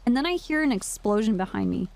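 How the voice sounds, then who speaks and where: A woman's voice: on the high side, quick pace, creaky, soft background music. A woman streaming a roleplay game, telling a story in character in a casual way, full of "like" and swearing. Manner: animated, lots of "like", frequent swearing.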